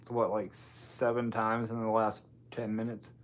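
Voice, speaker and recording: A man's voice: on the low side, a little slow. A man hosting a casual late-night livestream, loosely answering viewers' comments. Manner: relaxed, answering chat comments, yawning. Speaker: livestream host.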